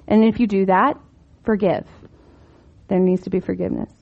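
A woman's voice: mid-range voice, fairly even intonation, moderate pace, creaky. Woman Bible teacher, casual and talky, emphatic rhetorical questions; slightly muffled recording.

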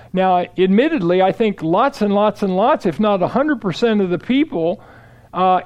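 High-voiced man teaching scripture. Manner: steady explanatory delivery, quoting scripture aloud. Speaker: Bible teacher. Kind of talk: expository Bible teaching.

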